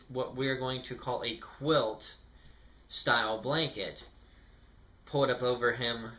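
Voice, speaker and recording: Slow, sarcastic young man rambling. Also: mid-range voice, sharp tone. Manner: rambling, sarcastic, filler-heavy. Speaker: anime episode reviewer. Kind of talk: casual commentary.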